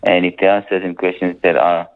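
A man's voice: low-pitched, little pitch movement, a little fast. A man, an Islamic scholar answering listener questions on a radio call-in, talking emphatically and repeating his points. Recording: dull radio broadcast sound.

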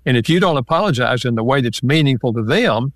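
A man's voice: mid-range voice, animated, quick pace, dry recording, clean studio sound. An older man, an author and marriage counselor, answering interview questions and acting out example phrases as he explains. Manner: explains in numbered lists with acted-out example quotes.

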